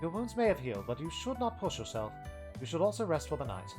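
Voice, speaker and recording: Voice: mid-range voice, big pitch swings, fast, over music, natural voice. A streamer reading lines as a stern, formal young female knight, speaking in stiff clipped sentences. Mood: curt. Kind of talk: playthrough voice reading.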